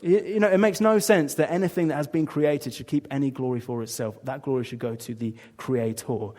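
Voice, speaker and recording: A man with an English accent preaching a sermon in a conversational way, dropping low for asides and briefly putting on mocking voices for quotes. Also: a little fast, warm tone.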